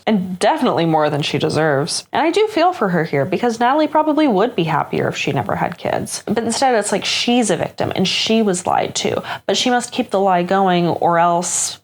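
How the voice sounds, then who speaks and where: A young woman chatting through a book recap and review, sarcastic and full of asides. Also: on the low side.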